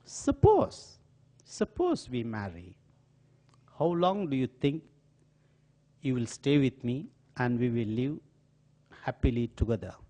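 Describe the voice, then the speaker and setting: A man's voice: mid-range voice, sing-song, slow, pauses often, dark tone. A man voicing a worldly, teasing widowed aunt in her thirties, exclaiming as he acts out a story.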